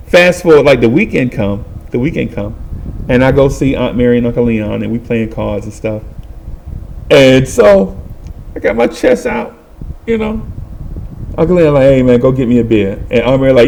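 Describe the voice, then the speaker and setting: Animated man telling a street story. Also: mid-range voice, normal speed. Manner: animated, voices other people and makes sound effects. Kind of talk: casual storytelling.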